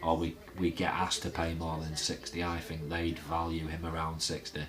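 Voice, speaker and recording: Deep-voiced chatty man rambling about football. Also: completely flat delivery, moderate pace, a crowd in the background. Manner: rambling, chatty, with many fillers and restarts. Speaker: fan channel host. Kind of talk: casual fan vlog chat.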